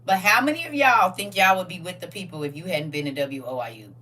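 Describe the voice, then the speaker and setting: A woman hosting a casual livestream, reading viewer comments aloud and reacting with animated, laughing slang. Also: lowish voice, fast talker, slightly rough, recorded from a distance. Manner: animated, laughing, talks back to chat with slang. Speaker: livestream host.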